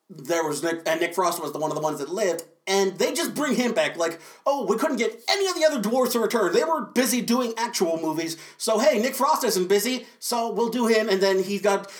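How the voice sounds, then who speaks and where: A man hosting a film podcast, reviewing a movie in a casual, sarcastic monologue and acting out quick bits of mock dialogue. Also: high voice.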